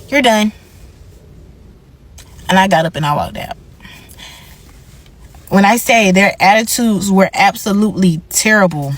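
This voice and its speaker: A young woman telling a storytime rant, acting out what people said. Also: mid-range voice. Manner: animated, acts out dialogue. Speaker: vlogger.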